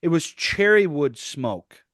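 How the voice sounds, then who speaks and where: A man's voice: a little high, sing-song, takes it slowly, fairly bright tone, no echo, clean studio sound. A man co-hosting a casual podcast, rambling and laughing at himself as he talks about a beer. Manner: rambling, self-mocking, laughs often. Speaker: podcast co-host. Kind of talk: casual chat.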